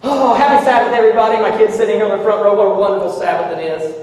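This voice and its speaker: A man's voice: sits high, steady tone, racing, darkish tone, close to an everyday voice. A man acting out a stern, hypocritical father who is also a preacher, barking at his family and gushing in church. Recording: echoey hall, from a distance.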